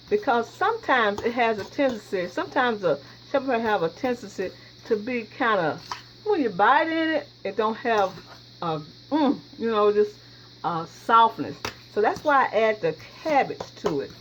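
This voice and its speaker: A woman hosting a home cooking video, chatting folksily to viewers as she works in her kitchen. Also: mid-range voice. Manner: folksy, chatty, talks straight to viewers with frequent y'all. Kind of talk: casual cooking demonstration. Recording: dull lo-fi sound with steady background noise.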